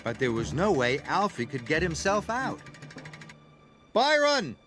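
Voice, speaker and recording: A man narrating a children's story aloud in a slow, read-aloud manner. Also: on the high side, very animated, fairly bright tone. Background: background music.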